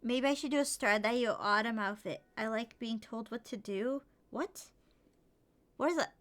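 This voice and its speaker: A young woman streaming a game, chatting playfully and gushing over cute outfits, sometimes dropping to soft whispers. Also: a little high, moderate pace. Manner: slips into soft whispers and mutters. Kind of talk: casual gameplay commentary. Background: game music.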